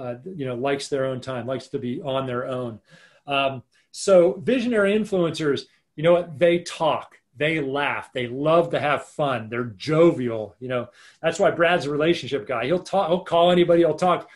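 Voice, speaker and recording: Male workshop coach, raised pitch, chatty and informal, on a video call. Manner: chatty and informal, acts out quick example lines. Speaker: leadership coach leading a workshop. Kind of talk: live online workshop teaching.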